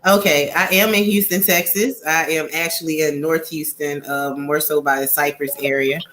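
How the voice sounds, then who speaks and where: A woman's voice: sits low, fairly even intonation, normal speed, a little hiss or hum. A woman co-hosting a casual talk show, reading listener comments aloud and laughing easily. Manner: laughs easily, warm and affirming. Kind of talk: casual chat.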